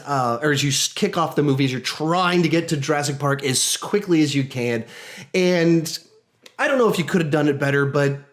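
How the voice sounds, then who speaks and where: In a casual spoken movie review, a man with a mid-range voice talks enthusiastically and animatedly. He frequently restarts his sentences and acts out quotes from the film.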